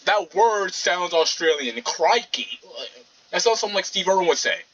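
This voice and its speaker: A man's voice: sits high, fairly quick, distant mic. Rambling gamer man on a lo-fi mic. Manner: animated, rambling, talks back to the game. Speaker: gamer commentating a playthrough. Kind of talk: casual let's-play commentary. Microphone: poor microphone, fan in background. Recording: dull lo-fi mic, faint fan hum.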